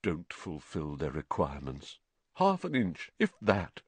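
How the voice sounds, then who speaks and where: A man's voice: mid-range voice, unhurried, no room sound, voice pushed up, close to an everyday voice. A man voicing a theatrical, old-fashioned aristocratic male ghost in an audiobook, with plummy and indignant outbursts. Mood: morose muttering. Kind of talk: audiobook character voice.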